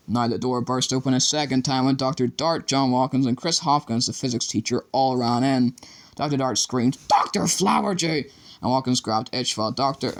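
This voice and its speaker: A man reads an audiobook chapter with a middle-range pitch. His narration is measured and dramatic, carrying the action steadily.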